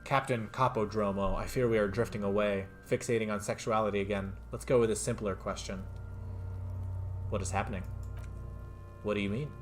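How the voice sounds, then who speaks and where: A man with a low voice reads game dialogue aloud and comments on it as he plays. His pitch leaps up when something excites him, and faint music plays under his voice. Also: fairly quick, long pauses. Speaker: let's play streamer.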